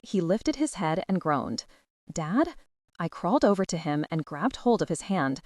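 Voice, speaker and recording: A woman with a lowish voice narrates a first-person audiobook, her pitch rising and falling with feeling. The sound is close and very dry, with no room around it. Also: big pitch swings, normal speed, a little mellow, no room sound.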